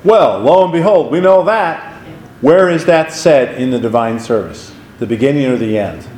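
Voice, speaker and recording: A man teaching a Bible study as a pastor, conversational and animated, telling stories with asides. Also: mid-range voice, moderate pace, echoey room, low-quality recording.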